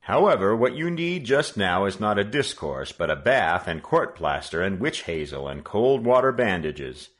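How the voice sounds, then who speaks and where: A man reading aloud voices an understanding middle-aged father who speaks gently but firmly. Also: on the low side, sing-song, normal speed, few pauses. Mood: kindly.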